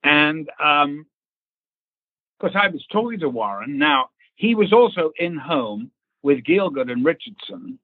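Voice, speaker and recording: A man, an actor, telling a casual anecdote in an animated way, acting out quotes, laughing and swearing freely. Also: on the high side, unhurried, no echo. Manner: animated storyteller who acts out quotes and laughs. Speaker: actor recounting a film casting. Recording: tinny phone-like line.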